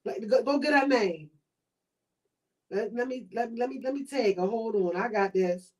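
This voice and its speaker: A woman with a Baltimore accent hosting a podcast in casual chat, telling stories in a chatty, animated way with quoted asides. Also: fairly high pitch, moderate pace. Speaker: podcast host.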